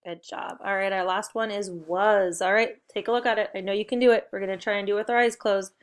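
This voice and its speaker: A woman's voice: medium pitch, fairly even intonation, fast, clean tone. A young adult woman, leading a recorded spelling and phonics lesson for young children with cheerful, encouraging call-and-response prompts. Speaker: teacher.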